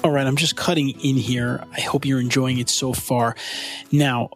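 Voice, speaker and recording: Podcast host chatting on location. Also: male voice, medium pitch, moderate pace, soft background music. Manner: conversational, excited, relaying events as they happen.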